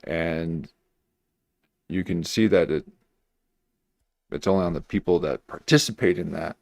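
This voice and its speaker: A man commenting on a livestream, musing slowly and hesitantly with many fillers and restarts. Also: sits low, gravelly, a little mellow, dry recording.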